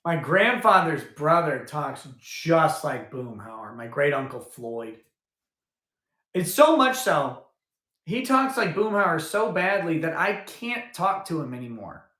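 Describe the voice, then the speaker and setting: A livestream host rambles casually, thinking aloud as he goes and often restarting his sentences. His voice is on the high side, slow-paced, pushed and bright, with big pitch swings. The recording has a roomy echo.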